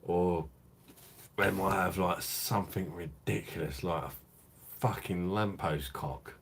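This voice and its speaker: A laughing man riffs crudely to his live stream audience in a casual, rambling way. His voice sits very low. A faint hiss of noise runs under the recording. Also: steady tone, takes it slowly. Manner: laughing, crude banter with chat.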